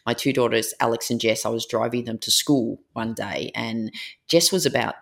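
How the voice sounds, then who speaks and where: A woman author and presentation trainer, a guest in an interview, telling stories in a lively way with frequent fillers. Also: a bass voice, normal speed, vocal fry. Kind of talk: interview conversation.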